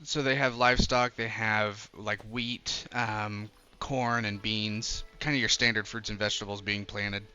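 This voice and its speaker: Bright-voiced male game master. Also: fairly low pitch, steady tone, unhurried, few pauses, highs cut off, faint music behind. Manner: casual and laughing often. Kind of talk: narrating a tabletop game.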